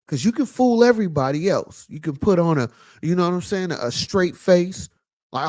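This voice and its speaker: A man talks straight to his viewers in a casual commentary, his voice sitting a little high. He loosens things up with fillers and comes back to his key lines again and again like a sermon. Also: animated, moderate pace, a little mellow. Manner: preachy, repeats lines for emphasis. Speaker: vlog host.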